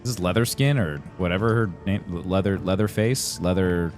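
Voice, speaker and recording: A man's voice: sits low, moderate pace, a little mellow, soft background music. A young man streaming a game live, rambling and joking about what's on screen with sing-song asides. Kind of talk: live gameplay commentary.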